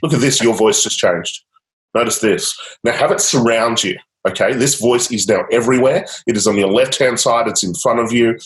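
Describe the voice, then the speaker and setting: A man's voice: mid-range voice, moderate pace. A man guiding a client through a coaching session, upbeat and encouraging, with casual fillers. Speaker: change coach. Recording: roomy echo.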